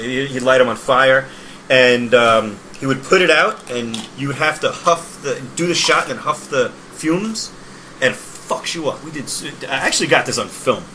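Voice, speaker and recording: A man with a bright, forceful voice rambling through a story in a casual podcast chat. He laughs easily and restarts his sentences as he goes. A faint hiss of noise sits under the recording. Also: mid-range voice, poor audio. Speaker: guest, sign maker. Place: podcast studio.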